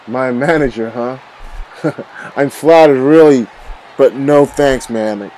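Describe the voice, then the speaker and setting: A man's voice: medium pitch, takes it slowly, warm tone, slight background noise, lightly acted, poor audio. A man doing a flippant young wrestler. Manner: flippant, self-assured. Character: young male wrestler, self-assured and brushing off help. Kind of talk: video game role-play voiceover.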